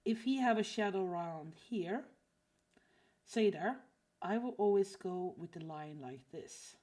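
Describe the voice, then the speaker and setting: A woman's voice: medium pitch, expressive, unhurried, mellow. A woman teaching drawing on a casual livestream, chatty and full of fillers, often apologizing while she reads chat. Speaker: art streamer teaching drawing.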